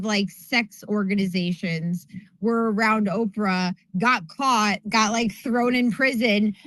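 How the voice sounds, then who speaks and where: A woman co-host whose slightly high voice sits close and dry on the mic. She rants in rapid bursts, punctuating nearly every point with "right?". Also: a bit bright, no echo, poor audio. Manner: rapid ranting, keeps asking "right?". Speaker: podcast co-host. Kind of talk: casual political talk.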